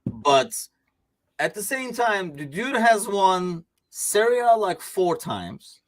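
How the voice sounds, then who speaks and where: A man's voice: sits high, big pitch swings, takes it slowly. A man hosting a casual sports podcast, rambling and laughing easily between points. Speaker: podcast host.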